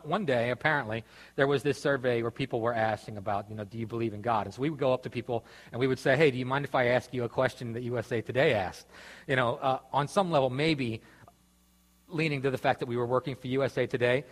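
A husky-voiced man at an ordinary pitch tells a story in a casual, rambling way, doubling back and restarting as he goes. His voice carries a long reverb, as if spoken in a large hall. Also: fairly bright tone. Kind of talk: storytelling sermon talk.

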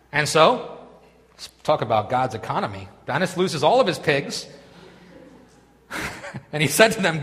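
Lively male preacher in a reverberant hall. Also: high voice, moderate pace. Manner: animated, conversational, swings from loud reading to quiet asides. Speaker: pastor. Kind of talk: sermon.

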